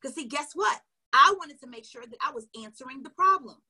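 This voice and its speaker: Animated high-voiced woman sales coach. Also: fairly quick. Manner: animated, acts out dialogue, addresses viewers directly. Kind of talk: storytelling lesson to viewers.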